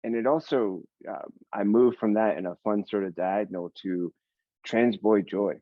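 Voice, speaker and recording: A man hosting an interview, talking casually with halting restarts and praise for the guest's work. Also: fairly low pitch, dry recording. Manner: warm, complimentary, halting restarts. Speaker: podcast host. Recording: dull dry lo-fi sound.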